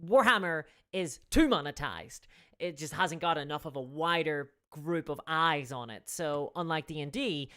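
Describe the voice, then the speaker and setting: A woman with a notably low-pitched voice hosts a casual live stream. She rambles, restarting her sentences often, and pauses to thank viewers for their donations. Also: a bit bright, clear, resonant tone. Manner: rambling, with frequent restarts and fillers.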